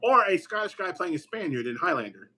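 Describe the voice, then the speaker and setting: A man co-hosting a podcast, talking in quick, joking, sarcastic tangents. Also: high-pitched, big pitch swings, bright, forceful tone. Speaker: podcast co-host. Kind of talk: casual chat.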